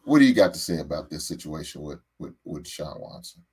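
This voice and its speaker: A man's voice: a bass voice, big pitch swings, fast, heavy background noise. A man hosting a sports show, ranting heatedly about his team, stammering and repeating words as he goes. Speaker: sports podcast host. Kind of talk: animated sports fan rant.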